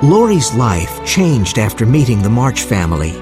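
A man narrating a simple storybook in a clear, measured reading voice. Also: medium pitch, sing-song, over loud music.

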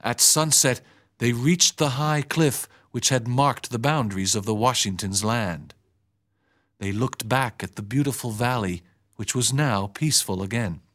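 An audiobook narrator, a man with a mid-range voice, reads a story chapter as scripted narration. His storytelling is even and measured.

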